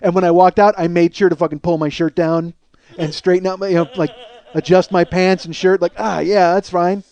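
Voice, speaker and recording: A man's voice: high-pitched, fairly even intonation, brisk, darkish tone, highs cut off. A man in his forties hosting a comedy podcast, telling a long story in a rambling, profane way that builds into indignant rants. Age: 40s. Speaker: podcast host.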